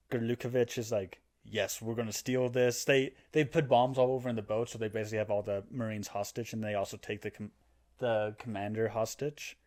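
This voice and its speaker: A man co-hosting a podcast, casually and animatedly retelling a video game story, now and then putting on character voices. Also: fairly low pitch. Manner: animated storytelling, acting out character lines with laughs. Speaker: podcast co-host explaining a game plot. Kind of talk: casual chat.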